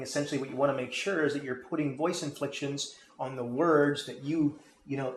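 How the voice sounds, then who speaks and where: A man coaching on sales, talking emphatically and often checking in with "okay?" and "right?". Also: mid-range voice. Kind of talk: instructional talk on selling. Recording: echoey room with faint noise.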